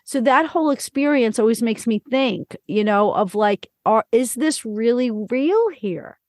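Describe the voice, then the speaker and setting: A woman's voice: a little high, lively intonation, unhurried, no echo, studio quality. Rambling middle-aged woman podcast host. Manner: rambling, many fillers and restarts. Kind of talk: casual interview chat.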